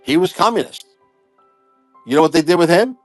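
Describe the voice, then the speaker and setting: A man hosting a podcast in casual chat, loud and profane, boastful and rambling with many fillers. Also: on the high side, expressive, fairly quick, dry recording, faint music behind. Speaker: podcast host.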